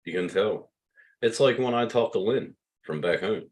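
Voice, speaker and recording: A man's voice: lowish voice, lively intonation, moderate pace. A man in his fifties from Pennsylvania, hosting a loose livestream chat, rambling and swearing freely. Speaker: livestream host.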